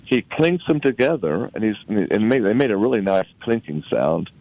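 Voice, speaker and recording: A man from Utah, a guest recounting a personal story in conversation, halting and often repeating words as he recalls events. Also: fairly low pitch, big pitch swings, gravelly, darkish tone, no echo, rough recording.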